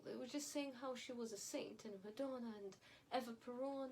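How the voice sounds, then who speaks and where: A woman's voice: on the high side, fairly even intonation, a little fast, creaky, a little mellow, slightly rough, rough recording. A woman vlogger giving opinionated, wry commentary straight to her viewers, with mocking repetition. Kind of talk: casual commentary to camera.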